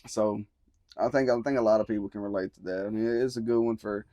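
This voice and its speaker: A young man with a Southern accent, talking in a relaxed, drawling way as a musician guest in an interview. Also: fairly low pitch, fast, no room sound, highs cut off. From Tennessee. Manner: laid-back, drawling, swears casually. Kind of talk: casual interview chat.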